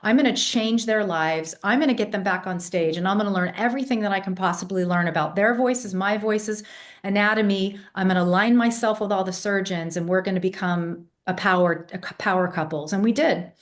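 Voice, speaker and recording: A woman's voice: mid-range voice, a little fast. A woman in her fifties, raised partly in England, now speaking with an American accent, talking confidently as a vocal coach in a podcast interview. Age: 50s. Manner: confident, emphatic, fluent storyteller.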